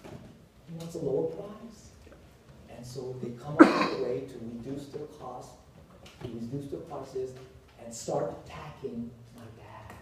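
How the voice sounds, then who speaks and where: Man, forties, professor, animated joking lecture, echoey hall, distant mic. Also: mid-range voice, a little slow, slight background noise. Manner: animated storytelling, jokey asides. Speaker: university professor. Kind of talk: classroom lecture. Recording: echoey hall, picked up from afar.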